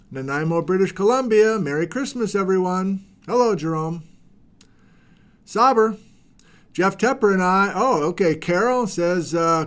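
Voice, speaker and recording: Middle-aged male host, a touch high-pitched, chatty livestream greeter with playful asides. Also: a bit bright.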